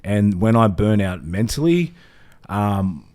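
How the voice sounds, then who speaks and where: A man's voice: fairly low pitch, very animated, slow pace, darkish tone. An Australian man co-hosting a casual podcast, laid-back and rambling, swearing freely. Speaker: podcast co-host.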